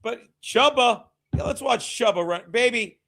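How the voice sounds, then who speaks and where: A man hosting a casual sports watchalong live stream. He reads chat aloud, laughs a lot, swears freely and sometimes shouts at viewers. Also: high-pitched, animated, normal speed.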